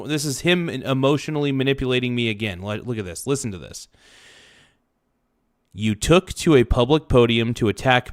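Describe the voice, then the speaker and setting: A man rants on his livestream in a heated, profane voice, his pitch sitting in an average range. The sound is dry and close, with no room echo. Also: a bit bright. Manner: heated, profane, reads messages aloud and rants. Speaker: streamer. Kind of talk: angry livestream rant.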